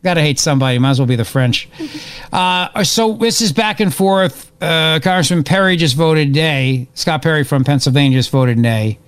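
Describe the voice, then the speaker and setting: A man hosting live political talk radio, excitable and opinionated, rambling as he reacts to events. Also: a little high, moderate pace, clear, resonant tone, no room sound. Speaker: radio talk show host.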